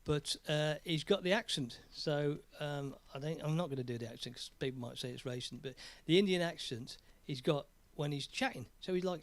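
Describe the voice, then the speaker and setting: A man's voice: on the high side, normal speed, dry recording. An English man hosting his own music live stream, chatting in a rambling, jokey way. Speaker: live stream host and singer. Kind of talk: casual live stream chat.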